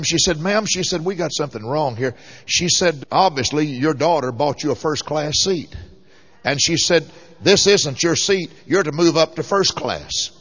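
On a muffled lo-fi recording, a man with a fairly high, fairly bright voice preaches a sermon through stories. He starts in a folksy storytelling mode and climbs toward fervent exhortation.

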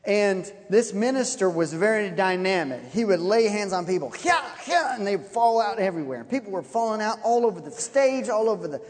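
A man preaching a sermon, telling a personal story with animated, laughing delivery. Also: sits high, brisk, few pauses. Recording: long hall reverb.

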